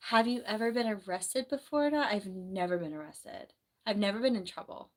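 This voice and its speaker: A woman's voice: mid-range voice, fairly quick. Chatty young woman from New Jersey. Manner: rambling, chatty, reads viewer comments aloud. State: slightly hoarse from the flu. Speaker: nurse and livestream host. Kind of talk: casual livestream chat. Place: bedroom at home.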